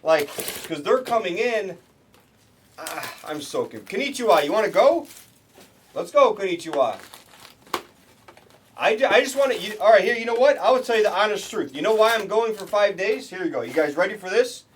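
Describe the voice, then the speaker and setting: Slight background noise sits under his high, lively voice as he hosts a live card break at normal speed, rambling casually to chat and restarting many times.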